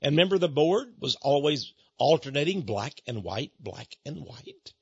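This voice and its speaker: A middle-aged man tells stories as an animated lecture. His fairly high voice is gravelly and husky, and the recording sounds dull and dry. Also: dry recording. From Austin, Texas. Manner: animated, emphatic, with dramatic pauses. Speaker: speaker on Freemasonry. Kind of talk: storytelling lecture.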